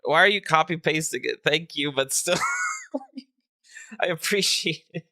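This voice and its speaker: On a livestream, a man shows off his remix to the chat with playful banter, lots of laughter, free swearing and the occasional joking meow. His slightly high voice sounds pushed and bright, and he keeps a measured pace. The recording has no room sound.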